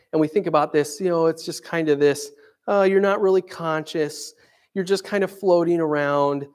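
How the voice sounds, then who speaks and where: A man preaching a sermon in a conversational way, dramatically acting out quoted voices. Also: a little high. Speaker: pastor.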